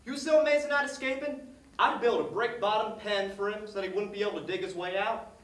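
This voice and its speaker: A man's voice: high-pitched, steady tone, fast talker, fairly bright tone. An actor on stage playing a folksy man, telling a rambling story about his dog. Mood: reminiscing. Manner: folksy, rambling, repeats himself. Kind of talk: stage monologue. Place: theater stage. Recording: echoey stage heard from a distance.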